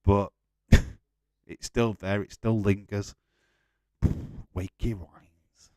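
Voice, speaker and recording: A man's voice: on the low side, steady tone, extremely slow, darkish tone, no echo, studio quality. A man hosting a live football watch-along, chatting casually, swearing and laughing as he goes.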